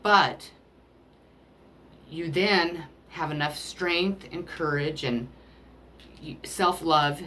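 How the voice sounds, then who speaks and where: A woman doing a spiritual card reading, emotional and rambling, often pausing to apologize as she talks to the listener about love. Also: sits low, pushed and bright, a little hiss or hum. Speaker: tarot card reader.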